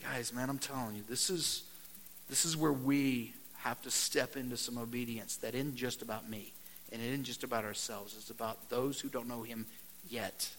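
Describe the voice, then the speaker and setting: A man preaching a conversational sermon. He keeps saying "man" and "right?", drops to a quiet, earnest tone, then turns loud and animated when he reads scripture. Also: mid-range voice, normal speed, big-room sound, a little hiss or hum. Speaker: pastor.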